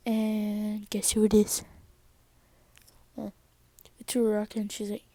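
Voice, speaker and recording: Hesitant, slow-talking young-sounding woman. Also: mid-range voice, monotone, warm tone, no room sound, low-quality recording. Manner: hesitant, many fillers and long pauses. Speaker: storyteller. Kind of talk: casual improvised fan fiction storytelling.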